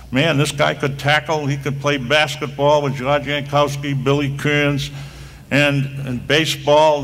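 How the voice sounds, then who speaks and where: A man's voice: medium pitch, a bit bright, slight background noise. An older man giving a rambling, anecdotal speech at a hall of fame induction, full of restarts and asides. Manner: rambling storyteller with frequent restarts.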